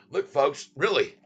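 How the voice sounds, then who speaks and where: A man's voice: on the high side, a bit bright, slightly rough, dull audio. A middle-aged man hosting a stock market livestream, joking, rhyming and laughing often as he hypes his viewers. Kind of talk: playful sing-song stock chat.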